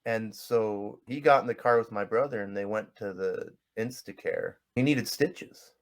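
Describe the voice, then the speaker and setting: A man in casual podcast conversation, telling a family story with lively quoted voices. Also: fairly low pitch, measured pace. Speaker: podcast co-host.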